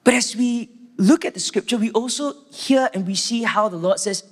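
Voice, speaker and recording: A Singaporean man with a Singaporean English accent giving a church sermon. He opens with a prayer and then tells animated stories. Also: high voice, normal speed. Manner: animated storytelling, acts out quotes. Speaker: church staff preacher. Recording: long hall reverb.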